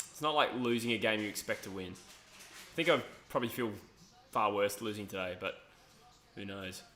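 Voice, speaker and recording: Young aussie guy doing live footy commentary on stream, jokey and chatty, bright punchy voice, roomy echo. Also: mid-range voice. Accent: Australian. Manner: chatty, jokey, quick asides and chuckles. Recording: echoey room.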